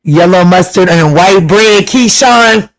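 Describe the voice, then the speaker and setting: A man hosting a tarot livestream, chatting casually and teasingly with viewers while reading their comments, laughing often and jumping up in pitch when excited. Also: takes it slowly, poor audio. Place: home livestream.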